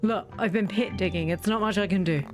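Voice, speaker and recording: A woman talks her way through a game in a loose, chatty stream of thought. She mocks her own mistakes and speaks tenderly to the creatures on screen. Her voice sits at an ordinary middle pitch. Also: brisk, faint music behind. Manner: wry and self-mocking. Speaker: gaming video creator. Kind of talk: casual let's-play commentary.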